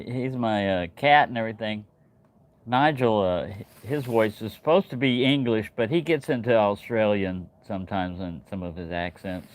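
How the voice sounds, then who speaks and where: A man hosting a casual livestream, telling a long story in a rambling way, with many fillers and restarts. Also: mid-range voice. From New Mexico. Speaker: channel host. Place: home in Texas.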